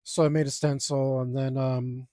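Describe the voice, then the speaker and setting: A man's voice: medium pitch, level tone, normal speed, warm tone, no room sound, clean studio sound. A young man, an artist, telling a story in a laid-back, rambling way with lots of ums while he draws. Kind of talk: casual storytelling while drawing.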